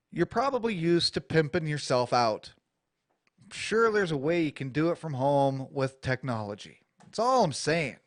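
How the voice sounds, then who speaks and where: A man's voice: fairly high pitch, no echo. A man with an American accent hosting a small studio radio show, ranting bluntly and crudely in a rambling, profane way into a studio mic. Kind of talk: profane talk-radio rant. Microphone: studio mic with adjustable EQ.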